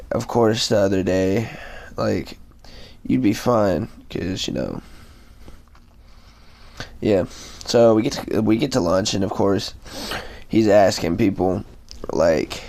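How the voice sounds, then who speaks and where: A man's voice: lowish voice, expressive, a little slow, gravelly, long pauses, dark tone. Laid-back young man telling a story. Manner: rambling, laid-back, full of fillers and swearing. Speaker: vlogger telling a school story. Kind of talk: casual storytime.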